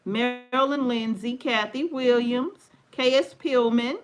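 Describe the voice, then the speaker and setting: Brief: high-pitched woman, livestream co-host, chatty and laughing, reads viewers' names aloud. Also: slow pace, over music. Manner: warm, laughing, greets viewers by name. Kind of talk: casual live chat reading viewer comments.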